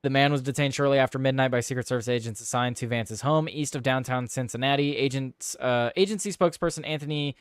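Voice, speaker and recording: Smooth-voiced man hosting a live show. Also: mid-range voice, fast, hardly any pauses, dry recording. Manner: reads news stories aloud with frequent fillers and restarts, swears casually. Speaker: host of a political live show. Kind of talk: casual live-stream chat and news reading.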